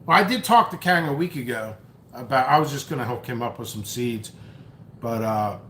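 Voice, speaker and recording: A man's voice: mid-range voice, lively intonation, moderate pace, fairly bright tone, reverberant, a little hiss or hum. A man hosting a live stream, chatting loosely as he reads comments and tells a story, often mocking and restarting his sentences. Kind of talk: rambling live stream chat, reading comments. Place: at home, eating noodles.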